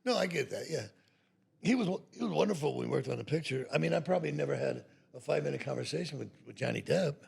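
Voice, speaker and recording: A man in his sixties, an actor, telling anecdotes in a casual, animated way and acting out what others said. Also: on the high side, fast. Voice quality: gravelly, husky. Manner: animated, laughs while telling, acts out quoted lines. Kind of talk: casual storytelling.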